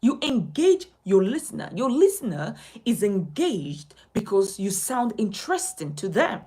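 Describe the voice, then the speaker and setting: A woman's voice: mid-range voice, sing-song, a little slow, warm tone, husky, rough recording. A woman from Nigeria teaching a speaking lesson as a communication coach, emphatic and instructive, repeating her key points.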